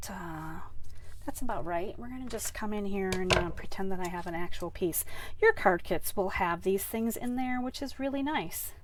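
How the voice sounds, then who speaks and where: A woman's voice: medium pitch, a little hiss or hum. A woman chatting her way through a card-making tutorial, rambling with lots of fillers and restarts. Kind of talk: casual craft tutorial.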